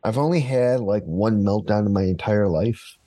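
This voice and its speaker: A man's voice: on the low side, moderate pace, dark tone, dry recording. A man chatting casually, telling a personal story and acting out what others said. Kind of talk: casual conversation.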